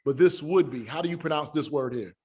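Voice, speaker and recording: A man's voice: on the high side, a little mellow. Man teaching Hebrew sounds online. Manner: halting, many fillers and restarts; spells out sounds slowly.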